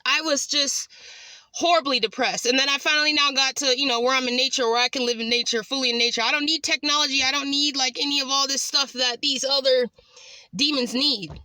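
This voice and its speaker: A woman's voice: high-pitched, bright, forceful tone, no room sound. A woman from California talking in a rambling, agitated way in a casual vlog update. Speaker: vlogger.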